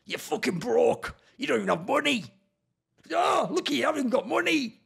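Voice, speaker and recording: A man doing an unhinged esports fan yelling frantic taunts in a shrill, strained voice that goes far higher than normal talk. The voice is gravelly and husky, pitched up and stretched. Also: sing-song, normal speed, full character voice. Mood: ranting.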